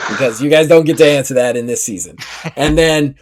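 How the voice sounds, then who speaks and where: A man at a mid-range pitch runs a tabletop game and narrates the action vividly. He talks loosely and casually, full of "like" and quick asides. He sounds like a relaxed host. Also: a little hiss or hum. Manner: vivid, animated storytelling with filler "like". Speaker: game master.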